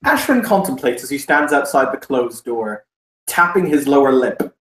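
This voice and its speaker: A man playing a tabletop game character, smooth and playfully commanding. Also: medium pitch, big pitch swings, normal speed, a bit bright, echoey room, a little hiss or hum, rough recording. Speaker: player.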